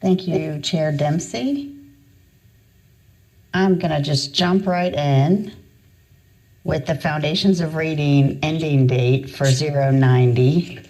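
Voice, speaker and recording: A woman presenting policy changes at a formal public meeting. Her voice is low and her delivery is slow and unhurried. She speaks in a businesslike, direct way. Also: darkish tone.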